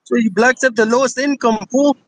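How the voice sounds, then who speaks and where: A man's voice: very high voice, fairly even intonation, a little fast, no echo, rough recording. A male caller arguing on a call-in show, taunting and profane, heavy on slang. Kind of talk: heated call-in argument.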